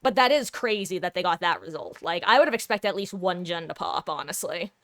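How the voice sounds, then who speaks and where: A woman gaming streamer in casual live-stream chat, rambling and animated, laughing often. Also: lowish voice, a little fast, no room sound.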